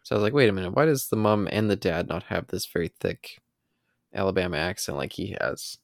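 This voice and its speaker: A man's voice: sits low, a little fast, gravelly, no room sound, studio quality. A man co-hosting a podcast, chatting casually about a movie and thinking aloud with hesitant fillers. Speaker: podcast co-host. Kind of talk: casual film commentary chat.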